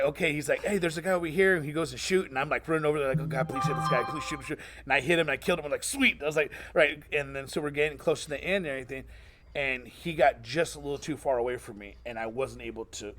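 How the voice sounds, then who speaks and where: A man's voice: medium pitch, fast, background noise. A man streamer telling a gaming story in casual chat, acting out the voices of the people in it. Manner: animated, acts out voices in his stories. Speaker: streamer and interviewer.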